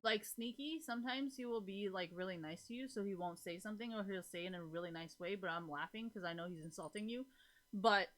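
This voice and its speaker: A woman's voice: medium pitch, fast talker, fairly bright tone. A woman livestreaming and chatting casually with her viewers, rambling through her thoughts with plenty of fillers, frequent laughter and casual swearing. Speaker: live streamer chatting with viewers. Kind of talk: casual chat.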